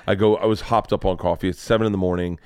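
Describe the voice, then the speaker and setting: A man hosting a podcast, telling a story in a casual, animated way, acting out the people he quotes and swearing freely. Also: low voice, fast, clean tone, no echo, clean studio sound. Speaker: podcast host.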